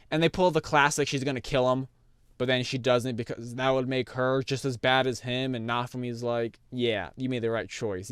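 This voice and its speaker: Rambling young man, smooth and dry. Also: mid-range voice, dry recording. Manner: rambling, lots of fillers and restarts. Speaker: anime reviewer. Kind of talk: casual rambling review over gameplay.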